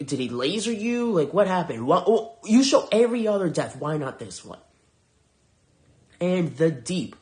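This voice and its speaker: A man's voice: fairly high pitch, darkish tone. A man hosting a podcast, reviewing shows in a heated, profane, sarcastic rant. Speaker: podcast host.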